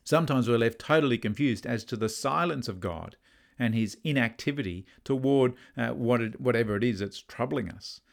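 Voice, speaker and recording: A man preaching a sermon, earnest, lifting his voice on key words and letting line ends fall low and soft. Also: normal speed, creaky.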